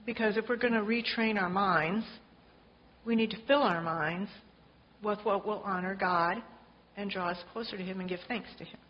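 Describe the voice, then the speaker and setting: A woman's voice: mid-range voice, normal speed. A woman leading an informal church group discussion, chatty and encouraging, asking the group to chime in. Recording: dull lo-fi sound with faint noise.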